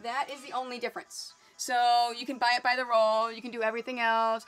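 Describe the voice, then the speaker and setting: High, bright young woman, chatty live craft host, faint music behind. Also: little pitch movement, smooth. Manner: chatty, quick, thinking aloud. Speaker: quilting livestream host. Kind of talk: casual live tutorial.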